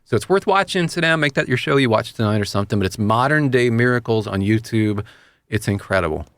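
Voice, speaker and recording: A man in middle pitch talks earnestly and a little ramblingly, often poking fun at himself. His voice is close and dry, with no room sound around it. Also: animated, fast talker, a bit bright, no echo. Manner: earnest, rambling, self-deprecating. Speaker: radio host. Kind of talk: casual chat.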